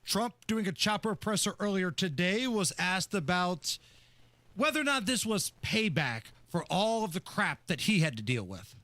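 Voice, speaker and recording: A man's voice: high-pitched, very animated, normal speed, bright, forceful tone, a little hiss or hum. A male radio talk show host giving sarcastic, opinionated commentary and laughing often, speaking into a studio microphone.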